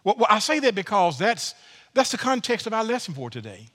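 A man preaching a sermon in a folksy, animated way, often repeating words as he builds his point. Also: high-pitched, fairly quick. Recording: long reverb of a large room.

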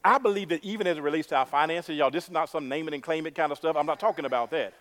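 A male pastor preaching a sermon, emphatic and repetitive, building to loud exclamations. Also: on the high side, very fast.

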